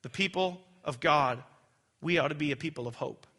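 A young adult man preaching a sermon with animated storytelling that swings high when he gets excited. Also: normal speed. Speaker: pastor.

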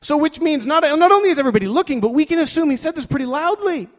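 A man's voice: extremely high pitch, animated, racing. A man preaching a sermon, telling a story with energy and acting out quoted voices. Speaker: pastor. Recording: long hall reverb.

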